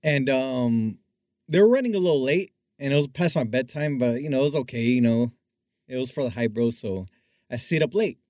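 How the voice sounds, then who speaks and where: A man's voice: medium pitch, animated, a little fast, warm tone, no room sound, clean studio sound. A man co-hosting a podcast, telling awkward stories about himself with lots of laughs and self-deprecating jokes. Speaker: podcast co-host. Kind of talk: casual chat.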